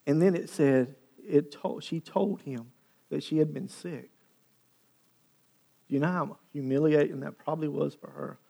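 A male pastor preaching a sermon, retelling a story with animated, dramatic delivery. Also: on the high side, unhurried, gravelly, husky. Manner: animated, dramatic storytelling with sharp swings in loudness.

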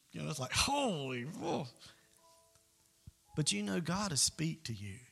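Gravelly man preaching a story. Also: medium pitch. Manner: conversational, earnest. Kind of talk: sermon storytelling.

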